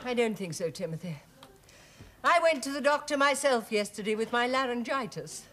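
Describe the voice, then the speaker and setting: A woman's voice: a little high, expressive, normal speed, noisy background, natural voice. An actress playing a bossy, fussy older mother in a studio sitcom, with a sing-song delivery. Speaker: domineering mother. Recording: studio audience laughter. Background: loud audience laughter.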